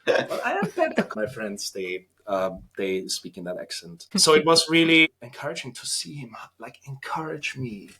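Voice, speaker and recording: A man in his thirties with an Austrian German accent, a guest on a podcast interview, talking earnestly and reflectively with halting restarts. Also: medium pitch, expressive, pushed and bright. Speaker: podcast guest, trainee priest.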